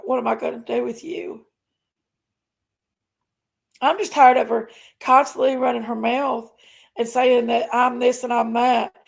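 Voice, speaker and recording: Lady ranting on her stream, slow drawl, fired up, keeps repeating herself. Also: on the high side, gravelly. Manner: indignant, emphatic, repetitive, reads chat aloud. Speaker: live stream host. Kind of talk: casual livestream rant.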